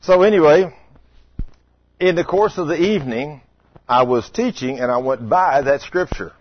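A man's voice: on the high side, expressive, moderate pace. A middle-aged man preaching a sermon, telling stories in a folksy, conversational way and putting questions to the congregation. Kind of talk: sermon with storytelling. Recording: dull lo-fi sound.

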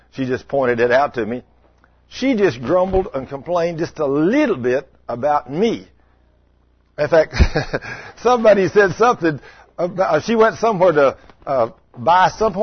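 This middle-aged man has a mid-range, slightly breathy voice, recorded dry with a dull lo-fi sound. He preaches a sermon built around storytelling, speaking in a folksy, conversational way and putting questions to the congregation.

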